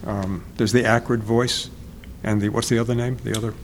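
A man being interviewed as an author, speaking in a halting, reflective way and often searching for words. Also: lowish voice, little pitch movement, a little hiss or hum.

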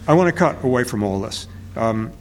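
A man being interviewed as an author, speaking in a halting, reflective way and often searching for words. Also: mid-range voice, expressive, a little hiss or hum.

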